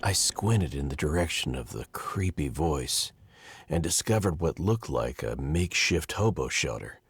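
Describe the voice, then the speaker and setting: A weary, sardonic investigator narrating a game in a very low, husky voice. His delivery is dry and wry, with lively swings in pitch, recorded close with no room sound. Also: measured pace, no echo, heavily acted.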